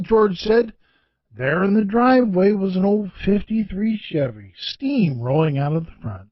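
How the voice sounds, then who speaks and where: A man's voice: high-pitched, very animated, unhurried, dry recording, dull audio. A man narrating a story in a plainspoken, folksy way.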